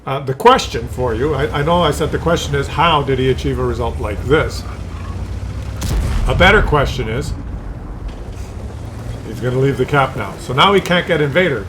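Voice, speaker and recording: Pausing often and speaking at a moderate pace, this Canadian commentator chuckles and rambles through a story over gameplay footage, mimicking other people's voices. His mid-range voice sounds a bit bright, and the rough recording has slight background noise.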